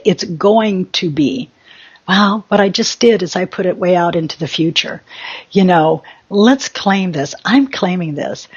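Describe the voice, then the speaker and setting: A woman's voice: lowish voice, a little mellow, breathy edge, dull audio. A woman hosting a spiritual talk show, chatting in a rambling, self-mocking and giggly way.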